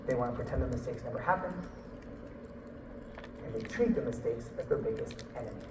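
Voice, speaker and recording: A man voicing a wise, gentle old man of about eighty, speaking slowly and softly like a father. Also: mid-range voice, expressive, reverberant, far from the mic, background noise, voice pushed down, lightly acted. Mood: gentle counsel.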